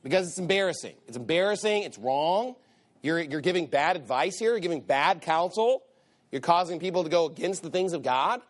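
A pastor delivering a sermon in a somewhat high male voice. He hammers his points with emphatic repetition and reads old-style scripture aloud between them. His pitch climbs as he presses a point. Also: animated, fairly quick. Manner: emphatic, repeats phrases for stress; reads scripture aloud in King James wording.

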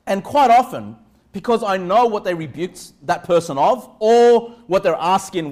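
Pastor, male, high voice, sermon delivery that jumps from calm to shouting. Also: moderate pace. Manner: swings from calm teaching to loud shouted emphasis; repeats "all right?" and "okay?" to the congregation.

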